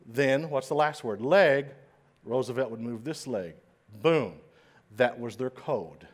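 A middle-aged man giving an inspirational speech, telling a story dramatically and swinging between hushed and loud. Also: mid-range voice, measured pace. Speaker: motivational speaker. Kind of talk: inspirational speech to a live audience.

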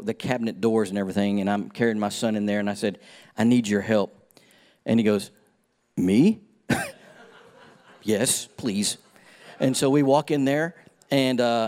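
A man's voice: mid-range voice, a little mellow. A middle-aged man preaching, telling a personal story and calling for amens from the congregation.

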